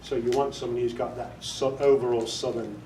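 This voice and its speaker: Here a British man speaks fast in a warm, medium-pitched voice with fairly even intonation, giving an informal workshop talk as an audiobook director. He's chatty and jokey, quizzing a small audience in a meeting room. The recording is echoey, with faint noise and the mic far away.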